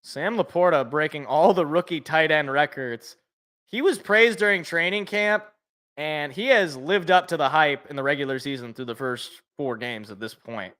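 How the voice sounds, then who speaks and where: A man's voice: fairly high pitch, moderate pace, a bit bright. A young man giving casual fan play-by-play and reaction, rambling and correcting himself, with joking asides. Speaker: fan podcast co-host.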